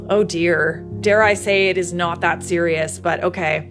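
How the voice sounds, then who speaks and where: A woman's voice: fairly low pitch, fairly even intonation. Candid chatty woman over faint music. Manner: candid and chatty, quick to laugh. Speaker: commentary host. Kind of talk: casual reaction commentary.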